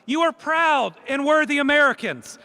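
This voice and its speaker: A man's voice: very high voice, expressive, normal speed, bright, forceful tone. A middle-aged man with a Kentucky accent giving an earnest, emphatic rally speech as governor. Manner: earnest, emphatic, preacherly cadence. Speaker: state governor. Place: large rotunda with a crowd. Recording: echoey rotunda with crowd.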